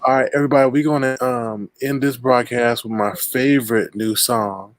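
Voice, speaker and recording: A man hosting a casual online chat show in a relaxed, drawling way, saying y'all. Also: medium pitch, moderate pace, no room sound. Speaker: host.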